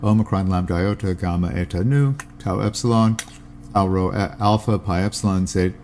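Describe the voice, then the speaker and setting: Speaking at normal speed in a low, somewhat mellow voice, a male podcast host reads a classical text aloud. He adds plain asides, spells Greek words letter by letter, and there is a slight hiss or hum.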